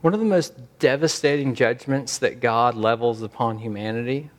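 Male pastor, mid-pitched, earnest sermon delivery, slows and swells for emphasis.

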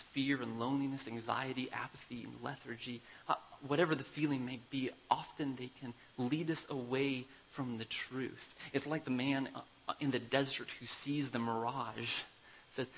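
Gravelly emphatic man preaching a sermon. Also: mid-range voice, slight background noise, low-quality recording. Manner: emphatic, swings from loud declarations to quiet confiding. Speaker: pastor.

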